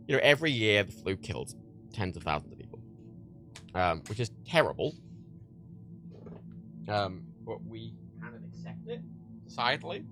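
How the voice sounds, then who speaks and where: A man hosting a livestream, ranting heatedly and swearing a lot as he gives his opinions. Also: medium pitch. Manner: heated, profane, animated. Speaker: livestream host.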